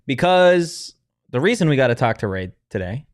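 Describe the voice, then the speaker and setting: A man hosting a casual sports talk show, steering the discussion in a relaxed way. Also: medium pitch, normal speed. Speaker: host.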